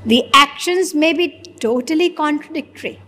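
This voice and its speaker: Woman, Indian English accent, spiritual teacher, high voice, questioning tone, long hall echo. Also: moderate pace, bright, forceful tone. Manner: questioning, acts out dialogues with listeners. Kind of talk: religious discourse.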